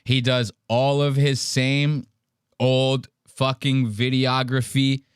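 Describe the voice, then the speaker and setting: A man's voice: mid-range voice, level tone, slow, smooth, no room sound, studio quality. Mocking profane podcast host man. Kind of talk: casual chat reacting to a video.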